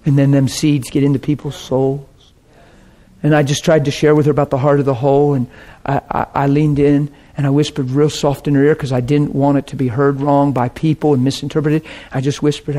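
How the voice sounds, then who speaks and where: A man preaching a personal testimony, telling the story with strong feeling and swinging between soft and loud delivery. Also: mid-range voice. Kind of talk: sermon testimony.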